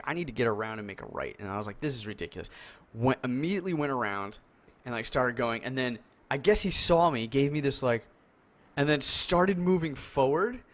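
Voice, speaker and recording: Animated man telling a road story. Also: medium pitch. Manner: animated storyteller, acts out quotes, many fillers. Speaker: podcast co-host. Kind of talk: casual chat over a call. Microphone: headset or desk mic on a video call.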